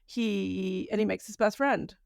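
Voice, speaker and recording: A woman's voice: medium pitch, steady tone, measured pace, creaky, dry recording, clean studio sound. A woman co-hosting a podcast in casual chat, reflective and chatty, laughing often. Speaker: podcast co-host.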